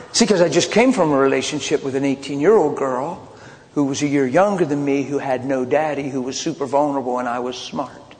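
A man preaching a sermon, mixing loud outbursts with hushed personal confessions as he tells a story. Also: mid-range voice, fairly quick. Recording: long hall reverb, faint ambience.

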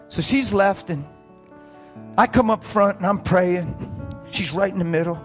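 Impassioned high-voiced male preacher. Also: a little slow, soft background music. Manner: swings from soft hushed storytelling to loud strained preaching. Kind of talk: sermon.

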